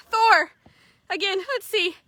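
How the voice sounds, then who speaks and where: A woman horse trader telling animated, laughing stories in casual chat, swearing freely. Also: very high voice, drawn-out words, no echo.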